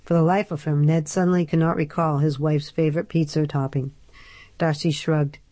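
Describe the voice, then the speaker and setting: A woman narrating a novel in a steady, measured storytelling voice. Her voice sits on the lower side, and the recording is close and completely dry, with no room at all. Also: no room sound. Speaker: audiobook narrator. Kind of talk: scripted narration.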